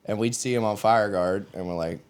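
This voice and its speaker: A man's voice: lowish voice, a little fast, a little mellow, clear, resonant tone. A man from the United States co-hosting a podcast, telling basic training stories in a casual, profane way and laughing often. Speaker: podcast co-host. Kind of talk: casual storytelling chat.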